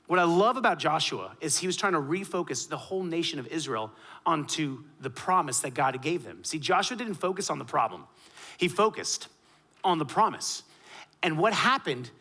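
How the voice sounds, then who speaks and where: A pastor preaching a sermon, switching between loud, emphatic lines and quiet, low asides. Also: animated, moderate pace.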